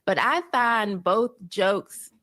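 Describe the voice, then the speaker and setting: A woman's voice: medium pitch, slow, bright, forceful tone, no echo. A woman giving her opinions in a frank, matter-of-fact way. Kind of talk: casual opinion talk.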